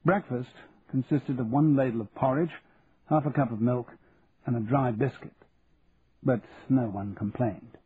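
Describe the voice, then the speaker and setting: A man reading a novel aloud in a measured, even narration. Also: mid-range voice, husky. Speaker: audiobook narrator. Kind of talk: scripted narration. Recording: narrow phone-like sound, faint hiss.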